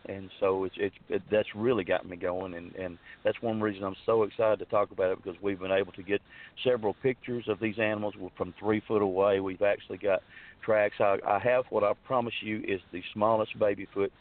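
A man's voice: on the low side, fairly even intonation, fairly quick. A man earnestly telling a long personal story in a rambling, casual way, full of restarts and fillers. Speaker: guest telling his story. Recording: tinny phone line.

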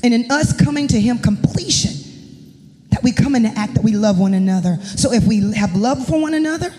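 A woman's voice: a little high, brisk, mellow. Impassioned woman preaching in echoing church. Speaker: pastor's wife and worship leader. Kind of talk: sermon. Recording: long echoing reverb of a church hall.

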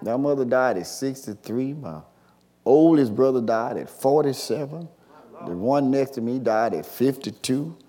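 Impassioned older preacher. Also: male voice, medium pitch, lively intonation, unhurried. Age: 60s. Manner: call-and-response preaching, swinging from quiet to shouting. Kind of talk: sermon.

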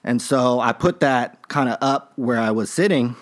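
A podcast host with a medium-pitched voice tells a story at a moderate pace in a casual monologue. He rambles in a laid-back way, with many fillers and restarts.

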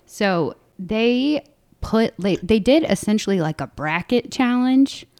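A woman's voice: a little high, expressive, takes it slowly, darkish tone. A woman co-hosting a political podcast, chatty and explaining things, often laughing. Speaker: podcast co-host. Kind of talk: casual political podcast chat.

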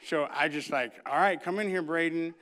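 A male pastor delivers a sermon in an animated, storytelling way, acting out the voices of his family. His voice sits high and sounds smooth and resonant. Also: moderate pace.

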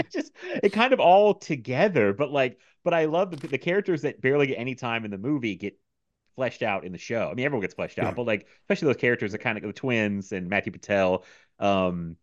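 A man's voice: mid-range voice, lively intonation, fairly quick, no echo. A man chatting casually on a podcast about a movie, rambling with lots of fillers. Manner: rambling, many fillers and restarts. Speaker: podcast co-host. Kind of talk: casual chat. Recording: dull lo-fi sound.

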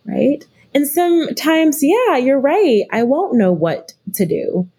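A woman's voice: sits high, very animated, slow pace, warm tone. A middle-aged woman speaking as a guest expert in a podcast interview, reflective and often restarting her sentences. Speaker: guest expert, leadership consultant.

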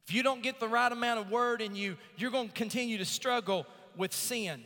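A man preaching from the pulpit, his voice high and bright, cutting through. He reads scripture slowly and climbs into loud, emphatic swells. Long reverb from the church sanctuary hangs behind him. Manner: preaching with rising emphatic swells and slow drawn-out scripture reading. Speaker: pastor. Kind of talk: sermon.

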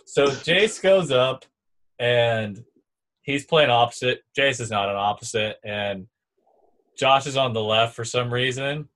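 A young man who used to play volleyball tells a sports story in casual conversation, speaking at a medium pitch and a slightly slow pace. He's an animated storyteller who acts out what other people said.

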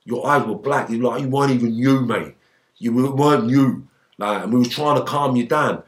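Speaking at a normal pace in a medium-pitched voice, this man is a former gangster being interviewed casually. He's an animated storyteller who curses constantly and acts out his own past outbursts by shouting them.

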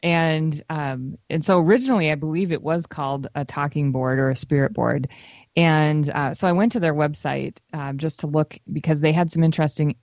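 A woman's voice: low voice, steady tone, normal speed, darkish tone, no echo. A woman co-hosting a casual podcast, rambling with many restarts as she chats. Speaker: podcast co-host. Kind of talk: casual chat. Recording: dull lo-fi sound.

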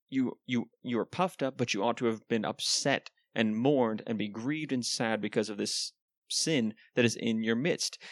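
A man's voice: mid-range voice, no room sound. A man preaching a sermon in an earnest, conversational way, with frequent ums and asides.

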